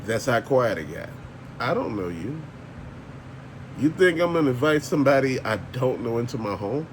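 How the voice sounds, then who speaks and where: A man's voice: mid-range voice, animated, fairly quick, slight background noise. An older man, ranting bluntly and profanely as a channel host, laughing often. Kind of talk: casual ranting monologue.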